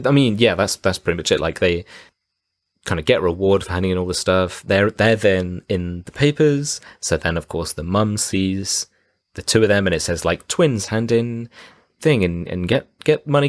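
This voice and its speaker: A low-pitched man chatting about a film on a podcast. He keeps acting out the characters' lines in quick, jumpy voices, and the sound is close and dry with no room around it. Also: lively intonation, no room sound. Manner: acts out film scenes with quick jumpy voices, laughs often. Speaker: podcast co-host. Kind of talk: casual film-review chat.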